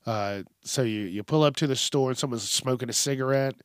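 In a home studio, a man hosts a casual news podcast at a mic on a stand, rambling and profane with many fillers. His medium-pitched voice is smooth and a little fast, with studio-quality sound and no echo.

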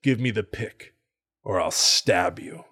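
A man playing a one-legged film villain in a Sasquatch suit, muttering low threats. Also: animated, slow pace, a bit bright, husky, dry recording, studio quality, exaggerated voice. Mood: threatening.

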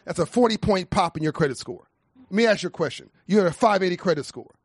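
High-voiced man, preacher-like cadence. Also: lively intonation, fast talker, breathy edge, dry recording, studio quality. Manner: emphatic, preacher-like cadence with repeated phrases. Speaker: nonprofit founder speaking on a panel. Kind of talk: impassioned panel talk.

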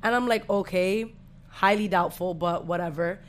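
Woman, low voice, profane, animated storytelling, podcast host, faint hiss. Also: normal speed. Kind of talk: casual storytelling chat.

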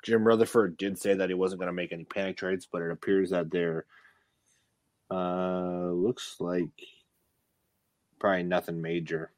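A low-pitched man chatting loosely as a podcast co-host, teasing his friends. His joking banter keeps rolling along in a dry, close recording with no room sound. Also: little pitch movement, normal speed, long pauses, a little mellow, no room sound. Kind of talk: casual chat.

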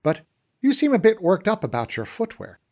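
A man voicing an easygoing, adventurous male companion with a calm, dry manner. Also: high voice, moderate pace, pitched above the performer's own voice, full character voice.

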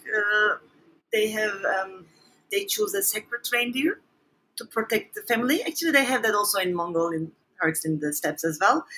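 Here an author and researcher answers an interview question conversationally, sounding thoughtful and hesitant as she restarts often and leans on fillers. She speaks with a medium pitch and a touch of brightness.

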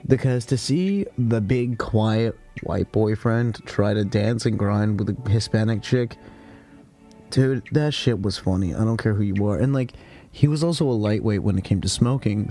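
A man's voice: lowish voice, dark tone. A young man hosting a casual podcast, telling a crude story in a rambling way, full of slang and fillers. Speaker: podcast host.

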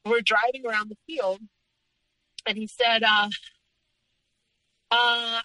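A young adult woman recounts her own story as a podcast guest, earnest and steady, often in the present tense. Her voice is bright and forceful. The recording is close and dry, with no room sound. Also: medium pitch, slow, pauses often, no room sound, poor audio. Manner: earnest, retelling past events in present tense. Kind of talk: personal story told in conversation.

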